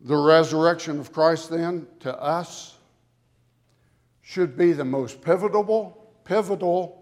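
A man preaching a sermon to a congregation with dramatic emphasis, building to loud peaks on key words. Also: fairly high pitch, fairly even intonation. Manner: dramatic, slow emphatic delivery with swelling loudness. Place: church sanctuary. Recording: long hall reverb from a church. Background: congregation audience.

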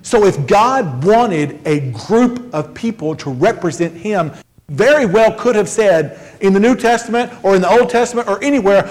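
A man preaches a sermon in a conversational, joking way, tossing in quick asides. His voice rings out with a long hall reverb in a church sanctuary. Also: sits high, animated. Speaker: pastor.

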